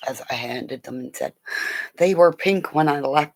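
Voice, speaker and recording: A woman's voice: sits low, a little slow, darkish tone. A middle-aged woman rambling in a casual monologue, swearing freely and often dropping into whispers. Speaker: vlogger.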